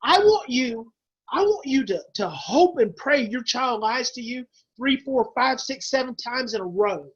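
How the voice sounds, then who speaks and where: A man's voice: very high-pitched, animated, unhurried, a bit bright, husky, lo-fi sound. A man presenting a parenting webinar, urging parents on in an emphatic, repetitive, preacher-like way. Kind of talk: impassioned webinar teaching.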